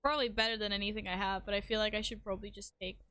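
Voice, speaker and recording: Bright-voiced woman streaming a game. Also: mid-range voice, steady tone, rapid-fire, no room sound. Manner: rambling, swears freely, talks to chat. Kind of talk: casual chat while gaming.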